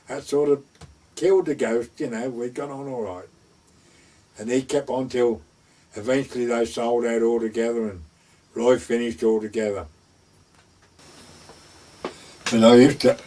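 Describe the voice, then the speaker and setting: A man's voice: medium pitch, darkish tone, far from the mic. An older man with a rural North Essex and West Suffolk dialect, a gamekeeper telling his stories in a rambling way and acting out the talk in a raised voice. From North Essex/West Suffolk border, England. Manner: rambling, acts out dialogue in raised voice. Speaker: gamekeeper storyteller. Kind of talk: oral history storytelling.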